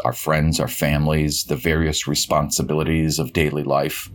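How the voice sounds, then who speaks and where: A middle-aged man, an educator, reading a prepared spiritual reflection in a measured, earnest way. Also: a bass voice.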